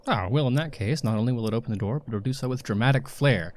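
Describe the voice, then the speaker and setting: A man's voice: mid-range voice, fast talker, darkish tone. A man playing a tabletop game, eagerly describing his character's actions with some stammering. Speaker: player.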